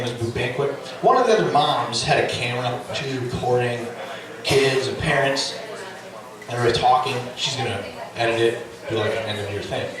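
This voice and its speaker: A middle-aged man doing stand-up storytelling, animated and profane, with loud yelling bursts. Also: medium pitch. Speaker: stand-up comedian. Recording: echoey club, distant mic, audience. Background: audience laughter.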